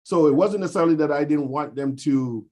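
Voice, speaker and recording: A man's voice: on the high side, brisk, a little mellow. A man from the US Virgin Islands, talking over a video call in a casual group discussion and explaining at length with frequent fillers.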